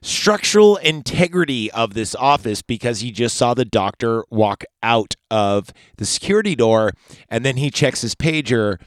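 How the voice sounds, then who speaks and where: A man's voice: mid-range voice, no room sound. A man hosting a podcast, recapping a movie in a laid-back, chatty way that rambles into digressions and swearing. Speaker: podcast host.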